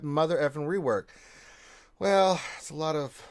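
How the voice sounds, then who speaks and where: A man hosting a casual gaming livestream, reading out chat messages and giving loud shout-outs to viewers. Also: on the high side, big pitch swings, normal speed.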